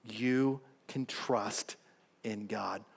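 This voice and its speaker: A male pastor preaching a sermon, telling a story with animation, acting out the figures, and dropping to a soft, low voice when he urges listeners. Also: extremely slow, gravelly, breathy edge. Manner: animated storytelling preacher, voicing characters with rising pitch.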